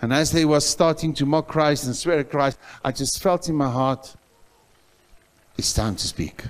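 Animated male pastor preaching a sermon. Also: on the high side, normal speed. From South Africa. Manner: animated storytelling, swings from loud outbursts to soft. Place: church.

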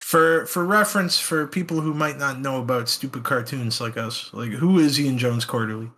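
A man's voice: medium pitch, bright, forceful tone. A young man co-hosting a casual podcast, joking and swearing, often laughing and slipping into silly voices. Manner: laughing, profane, jokey, puts on quick silly voices. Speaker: podcast co-host.

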